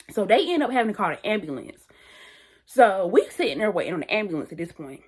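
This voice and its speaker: A young woman tells a wild night-out story to her viewers in a loose, slangy way. She is animated and repeats phrases for emphasis. Her pitch sits in an ordinary middle range. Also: fast, breathy edge. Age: young adult. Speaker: vlogger. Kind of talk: casual storytime.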